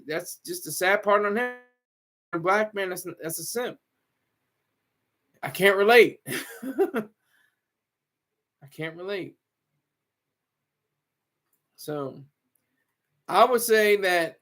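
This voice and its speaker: A man with a notably high-pitched voice chats loosely and at length. He rambles, stops and starts, and breaks into laughter often, like a regular on a casual talk show. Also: fairly bright tone. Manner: rambling, frequent restarts and laughs.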